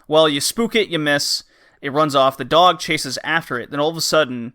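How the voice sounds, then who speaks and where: A man's voice: fairly high pitch, moderate pace, sharp tone. A man hosting a podcast who chats casually about a game, rambling and acting out the characters' lines. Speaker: podcast host. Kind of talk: casual game review chat.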